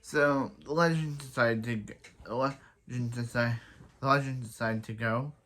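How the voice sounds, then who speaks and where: A man's voice: mid-range voice, steady tone, unhurried, fairly bright tone. A young man giving a casual, rambling recap of a TV episode, often stumbling and restarting his sentences. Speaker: show reviewer.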